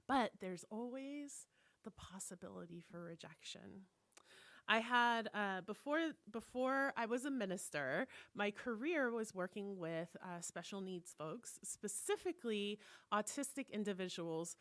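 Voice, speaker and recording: A woman's voice: mid-range voice, moderate pace, dry recording. A woman minister giving a conversational sermon, telling personal stories candidly and acting out the voices she quotes.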